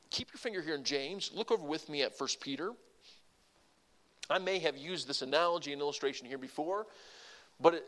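A married man preaching a sermon in a conversational style, asking his congregation questions and shifting his loudness and pace for emphasis. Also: a little high. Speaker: pastor.

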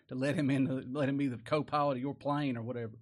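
A man's voice: medium pitch, fairly even intonation, fast talker. A man preaching a sermon in a folksy, conversational way, often asking rhetorical questions.

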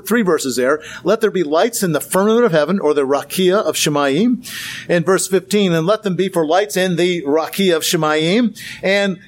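A man giving a Bible lecture with slides, earnest, asking rhetorical questions and repeating words for emphasis. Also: high-pitched. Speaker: Bible teacher.

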